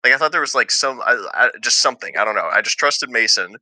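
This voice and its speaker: A man's voice: medium pitch, animated, fast, bright, forceful tone, no room sound, poor audio. Profane young man telling a heated story. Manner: profane, heated, laughs often. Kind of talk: casual storytelling among friends.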